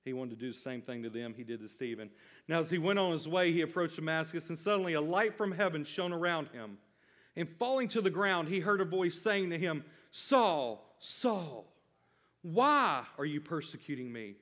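A man preaching in a church, his voice sitting a touch high for a man and ringing out through a reverberant hall. He slows down hard on key phrases and builds emphasis as he reads scripture and explains it. His delivery moves between casual asides and big dramatic lines. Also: fairly bright tone. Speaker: pastor. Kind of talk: sermon.

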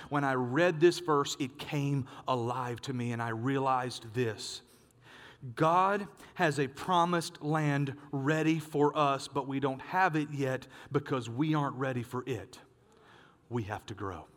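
A male pastor preaching a sermon, telling a story with lively acted-out voices. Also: mid-range voice, measured pace, big-room sound. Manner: animated storyteller, acts out dialogue.

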